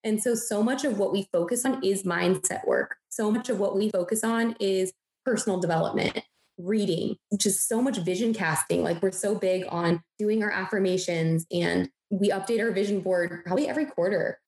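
A woman's voice: medium pitch, moderate pace, a little mellow. A woman co-hosting a podcast, speaking in an upbeat, encouraging way about mindset. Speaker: podcast co-host. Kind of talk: motivational podcast chat. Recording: echoey room.

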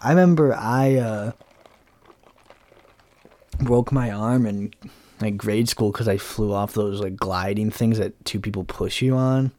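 A man's voice: on the low side, measured pace, pauses often, darkish tone, no room sound. Blunt, sarcastic young man ranting. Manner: blunt, sarcastic, profane, rambling with many fillers. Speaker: podcast host. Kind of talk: casual ranting monologue.

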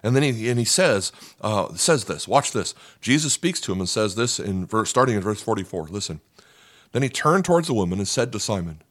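A male pastor delivers a sermon in an easy, conversational way. He keeps asking his listeners questions and briefly acts out the voices of the people in the story, all in a somewhat low voice. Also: sing-song, fairly quick, fairly bright tone. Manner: conversational preaching with rhetorical questions and quoted voices.

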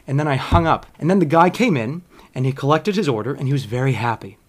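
A man telling a comic story in a monologue, with an animated, self-mocking, frank delivery. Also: mid-range voice, fast.

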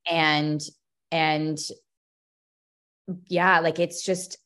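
A young woman talking as a podcast guest, expressive and a bit scattered, often restarting her sentences. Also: sits low, very slow. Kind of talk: emotional personal conversation.

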